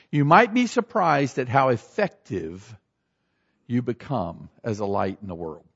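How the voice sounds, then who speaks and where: Animated husky-voiced man preaching. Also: fairly high pitch, measured pace, lo-fi sound. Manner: animated, acts out everyday scenes with shifting voices. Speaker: pastor. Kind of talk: sermon.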